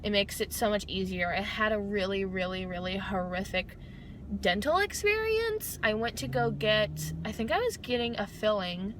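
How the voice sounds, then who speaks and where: A woman's voice: mid-range voice, normal speed. Young woman vlogging outside w cars going by, mouth numb so a bit slurry, says like a lot. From Texas. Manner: chatty, animated quotes, many "like" fillers. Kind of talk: casual storytelling vlog. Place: outdoors. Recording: outdoor traffic noise behind. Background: passing cars.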